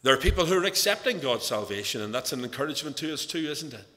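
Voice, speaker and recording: A man's voice: medium pitch, animated, fast, sharp tone. A man with a Northern Irish accent preaching an evening sermon in church, earnest and storytelling, his emphasis rising and falling. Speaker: lay preacher. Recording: echoey church hall.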